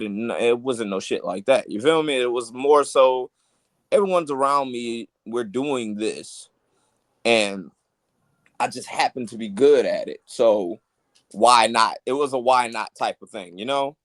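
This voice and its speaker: A man talking as a musician guest in a casual interview, loose and halting, with lots of fillers and "you feel me" tags. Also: medium pitch, no echo.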